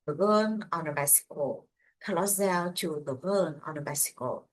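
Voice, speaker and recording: A woman's voice: deep voice, moderate pace. A woman answering an English teacher's drill questions with short, careful answers and some hesitation. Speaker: English student.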